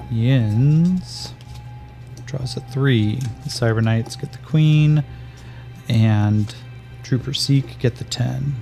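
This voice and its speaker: A man narrating a solo tabletop game as game master, calling out dice rolls in a measured way. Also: medium pitch, creaky, warm tone.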